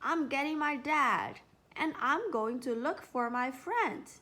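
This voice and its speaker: A woman's voice: sits high, animated, measured pace, pushed and bright, pitched above the performer's own voice, exaggerated voice. A woman reading a storybook aloud and voicing a brave, determined young girl in a raised, urgent voice.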